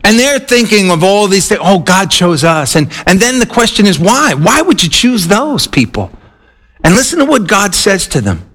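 A man preaching a sermon in a high, light voice. He talks earnestly, climbing into emphatic peaks and then stretching key phrases out slowly. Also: very animated, fairly bright tone. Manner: earnest, rising to emphatic peaks and slowing to drawn-out stresses.

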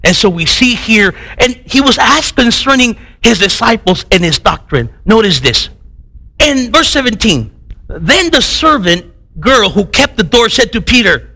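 A man preaching a sermon in a conversational, animated way, asking rhetorical questions and often repeating words as he restarts phrases. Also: high voice, a little slow, creaky, poor audio. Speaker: pastor.

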